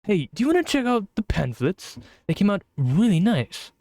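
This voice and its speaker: A man's voice: sits high, very animated, moderate pace, a little mellow, no room sound, voice pushed up, exaggerated voice. A man putting on a chipper British schoolgirl club president. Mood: friendly. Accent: put-on British. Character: friendly teen girl club president, unsettling.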